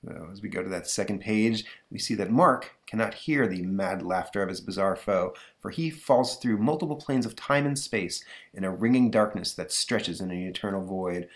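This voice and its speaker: A man's voice: on the low side, normal speed, hardly any pauses. A man hosting a comic book review podcast, talking hesitantly with many fillers. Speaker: podcast host.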